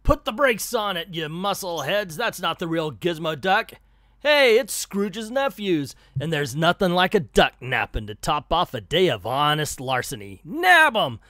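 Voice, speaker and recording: A gruff cartoon gang boss, as a comic reader puts him on, all slangy tough talk and barked orders. The voice sits fairly high for a man and sounds close and dry, with no room around it. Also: very animated, measured pace, sharp tone, no echo, heavily acted. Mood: bossy. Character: gruff crooked male crook gang leader.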